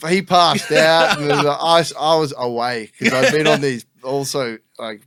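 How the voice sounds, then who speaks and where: A man's voice: fairly high pitch, steady tone, unhurried, a bit bright, no echo, clean studio sound. A man telling rowdy anecdotes as a podcast guest, laughing often and swearing freely. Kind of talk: casual storytelling chat.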